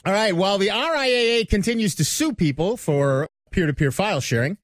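A talk radio host man with a high voice, chatty and quick to banter. He reads the news items aloud and takes calls. The studio sound is very dry. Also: lively intonation, dry recording. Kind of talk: casual tech talk radio.

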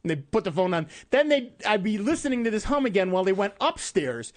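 A man's voice: sits high, very animated, fast talker, no room sound. A middle-aged man hosting a radio show, telling stories in casual on-air chat, laughing often and poking fun at himself. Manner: chatty storyteller, laughs often, self-deprecating. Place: radio studio. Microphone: studio microphone.

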